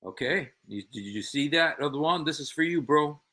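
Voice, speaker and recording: A man's voice: on the high side, animated, normal speed, pushed and bright. A man hosting a show, commenting on played clips, sarcastically repeating quoted phrases and speaking directly to an absent opponent. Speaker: show host.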